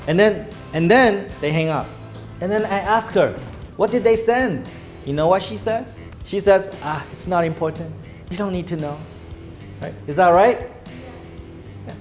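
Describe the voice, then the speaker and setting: A man giving a sales training lecture to a live class, emphatic and acting out phone calls in a commanding tone. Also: high voice.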